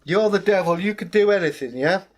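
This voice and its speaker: A man's voice: sits high, brisk, pitched above the performer's own voice. A man voicing a cheeky, blunt male cat who calls everyone mate, in a told folktale. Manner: blunt, matey.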